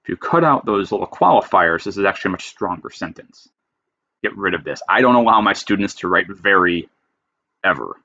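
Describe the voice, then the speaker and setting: Male writing teacher with a lowish voice, recorded dry and a bit muffled, explaining rules emphatically. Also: expressive, a little fast, pushed and bright, no room sound. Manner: emphatic, reads a rule then explains it plainly. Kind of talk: lecture reading rules with commentary.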